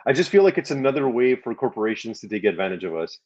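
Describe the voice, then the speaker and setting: A man's voice: medium pitch, big pitch swings, fast, darkish tone. A man co-hosts a casual sports podcast, rambling through his points and cursing freely whenever something annoys him. The audio is slightly dull and lo-fi. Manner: rambling, swears while ranting. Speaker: podcast co-host.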